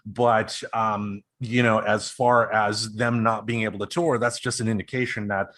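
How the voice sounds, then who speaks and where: A man's voice: on the low side, flat delivery, normal speed, a bit bright, dry recording. A man co-hosting a podcast, talking in a rambling casual way with many ums and restarts. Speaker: podcast co-host. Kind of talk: casual chat.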